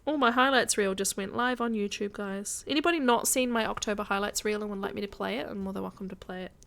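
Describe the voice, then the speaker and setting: A woman's voice: mid-range voice, fast, vocal fry, a bit bright. A woman chatting casually with her viewers while she plays a game on a live stream. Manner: chatty, addresses viewers directly.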